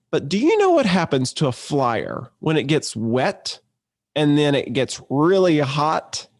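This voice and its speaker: A man, an entrepreneur, telling a story in a conversational, lively way with restarts. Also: fairly high pitch, measured pace. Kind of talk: casual storytelling to camera.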